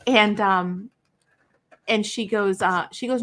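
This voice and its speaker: Woman, middle-aged, craft livestream host, casual chat, storyteller who acts out dialogue, folksy self-deprecating fillers, mid pitch. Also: measured pace, a bit bright. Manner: chatty storyteller acting out quoted dialogue.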